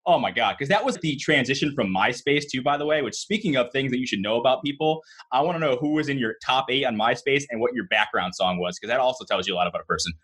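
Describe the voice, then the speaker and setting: A man in his thirties co-hosting a podcast, chatting casually in a quick, rambling, joking way. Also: mid-range voice, expressive, a bit bright, breathy edge. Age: 30s. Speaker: podcast co-host. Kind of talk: casual chat.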